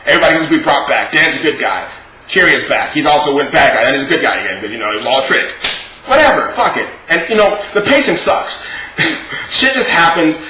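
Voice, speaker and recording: A man's voice: fairly high pitch, big pitch swings, a little fast, pushed and bright, slight background noise. Sarcastic man ranting in an echoey room. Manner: exasperated, profane, sarcastic. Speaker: show reviewer. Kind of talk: casual ranting review.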